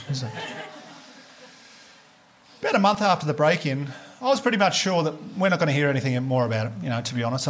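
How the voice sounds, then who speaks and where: An Australian man in his thirties doing a stand-up comedy set, telling a story quickly and acting out the dialogue. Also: fairly high pitch, a little hiss or hum. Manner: fast storytelling with acted-out dialogue. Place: live comedy venue before an audience.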